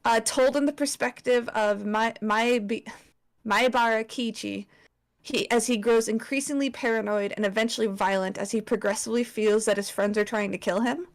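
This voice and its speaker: A woman's voice: fairly high pitch, fairly even intonation, moderate pace. A young woman presenting a slideshow to friends in casual chat, swearing often and filling with likes and ums. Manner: chatty, swears, lots of fillers.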